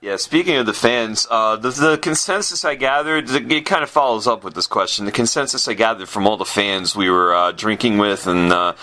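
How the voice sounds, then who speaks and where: A man hosting a radio interview, asking halting questions full of restarts. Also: lowish voice, bright, forceful tone, poor audio. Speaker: radio host, DJ. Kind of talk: casual interview chat.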